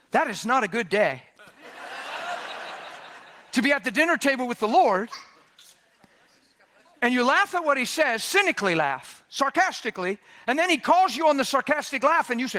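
A man preaching a sermon, animated and dramatic, swinging from loud bursts to hushed near-whispers as he acts out the people in his story. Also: extremely high pitch, normal speed, long pauses.

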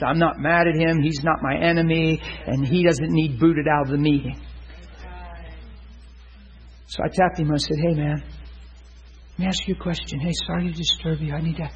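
A man's voice: fairly high pitch, slightly rough, muffled recording. A man preaching a storytelling sermon, acting out the dialogue with laughter.

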